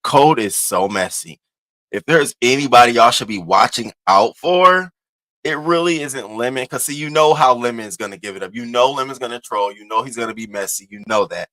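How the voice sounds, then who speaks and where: A man's voice: medium pitch, moderate pace, sharp tone, no echo. A man hosting a casual morning livestream, chatting openly and greeting his viewers as baby and y'all. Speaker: show host.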